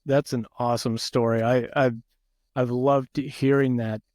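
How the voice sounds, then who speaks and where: A man's voice: mid-range voice, little pitch movement, unhurried, a little mellow, no room sound. Male podcast host, reflective, stammering restarts, mid-range voice, dry sound. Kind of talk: conversational interview.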